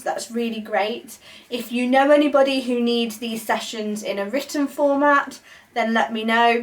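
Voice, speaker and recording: A woman's voice: fairly high pitch, distant mic. Friendly woman teaching a beginner poetry lesson. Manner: friendly, explains slowly with many ums. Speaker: poetry workshop leader. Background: guinea pigs chewing.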